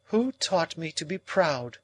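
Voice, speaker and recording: A man reading an audiobook, voicing a proud, composed young woman who speaks in a calm, measured way. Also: a little high, pitched above the performer's own voice, exaggerated voice. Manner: calm, measured, coldly reasoning.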